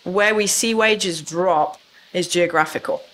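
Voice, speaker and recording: A woman's voice: fairly low pitch, a little slow, fairly bright tone, a little hiss or hum. A woman recruitment consultant speaking as a podcast guest, explaining fluently and confidently. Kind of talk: podcast interview.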